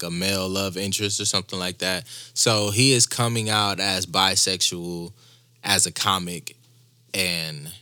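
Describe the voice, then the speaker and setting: A young man co-hosts a casual podcast, explaining the topic in plain terms with some teasing. His low voice is sharp and very bright. The sound is dry and close to the mic. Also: no room sound. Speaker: podcast co-host.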